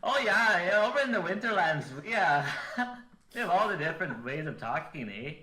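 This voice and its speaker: A man's voice: mid-range voice, expressive, moderate pace, slight background noise. A man putting on a playful mixed-accent adventurer. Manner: loud, playful, ends lines with "eh?". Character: male adventurer with a jumbled put-on accent. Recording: echoey room.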